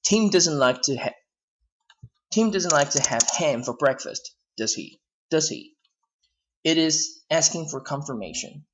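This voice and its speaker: An English teacher with a Hong Kong accent gives a classroom-style grammar lesson, explaining step by step and often restating himself. His mid-range voice rises and falls in a lively, animated way.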